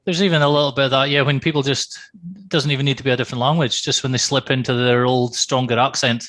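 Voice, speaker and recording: A man's voice: mid-range voice, steady tone, fast, fairly bright tone. A man from northern England with an English accent, chatting casually as a podcast co-host and telling a loose, rambling story. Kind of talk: casual chat.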